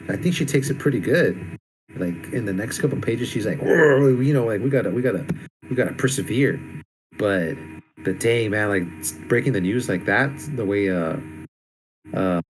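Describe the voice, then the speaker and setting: A man's voice: lowish voice, moderate pace, slight background noise. Laid-back man chatting about comics. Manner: laid-back, laughs often, trails off with fillers. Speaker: podcast co-host. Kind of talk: casual comic book discussion.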